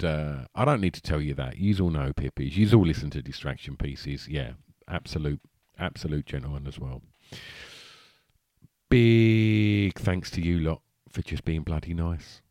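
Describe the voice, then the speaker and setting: A man with an Essex accent hosts a casual podcast chat. His voice sits very low and sounds dry and close to the mic. He talks loosely, looping through fillers and restarts. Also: a little mellow, no echo. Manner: chatty, rambling, lots of fillers and restarts. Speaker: podcast host.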